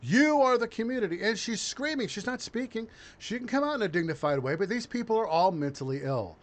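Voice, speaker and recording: A man hosting a political commentary podcast from his home studio, riffing in a mocking, crude, animated way. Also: sits high, fairly quick. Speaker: podcast host.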